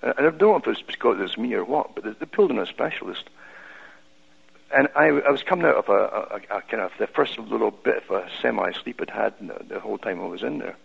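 Gravelly Scottish man, animated, lo-fi radio. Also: on the low side, quick pace. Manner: animated, with many restarts. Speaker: radio guest. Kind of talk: telling a personal story. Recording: lo-fi radio broadcast.

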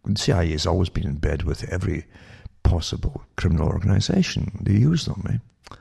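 A man with a very low voice and a heavy gravelly fry, talking in a long rambling monologue. His tone is dark and husky, and he keeps restarting sentences and tossing "eh?" at the listener. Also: lively intonation, fairly quick. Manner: rambling, with frequent restarts and asides like "eh?". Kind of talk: monologue commentary.

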